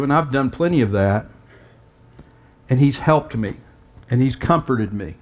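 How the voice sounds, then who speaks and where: A man in his sixties, a pastor giving an earnest, personal sermon that rises in pitch and emphasis when he quotes scripture. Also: animated, measured pace, pauses often. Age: 60s.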